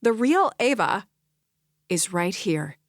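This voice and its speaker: A woman's voice: medium pitch, sing-song, slow pace, dry recording, clean studio sound. A woman reading an audiobook, voicing a smug, sarcastic young woman.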